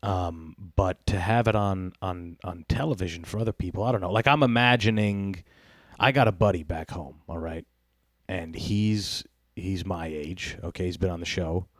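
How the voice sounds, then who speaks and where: A man's voice: low-pitched, normal speed, no room sound, studio quality. A man hosting a casual comedy podcast, rambling and profane, laughing often. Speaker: podcast host.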